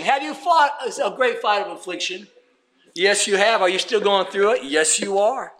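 A man's voice: high-pitched, animated, moderate pace, a bit bright. A man preaching a sermon, reading scripture and breaking into emphatic, rising calls to press on.

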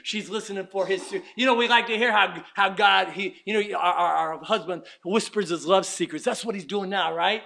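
Male preacher, sermon delivery: very high and brightly ringing, swings from shouted exclamations to hushed near-whispers. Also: brisk, gravelly, hardly any pauses.

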